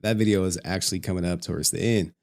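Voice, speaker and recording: A man's voice: sits low, fairly even intonation, fast talker, heavy background noise. A man chatting casually as a streamer, laid-back and talkative while reacting to a video.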